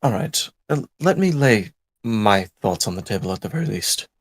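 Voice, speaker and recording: A man playing a tabletop game, laying out plans in a measured, step-by-step way. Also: lowish voice, very animated, dry recording. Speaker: player.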